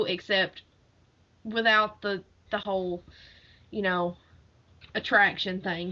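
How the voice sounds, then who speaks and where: Female co-host, animated book chatter, medium pitch, dull lo-fi recording. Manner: animated retelling, laughs often. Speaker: podcast co-host. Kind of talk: casual book chat. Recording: dull lo-fi audio.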